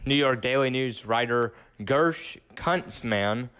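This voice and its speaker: A man reading meme captions aloud in a flat, deliberate way. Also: medium pitch.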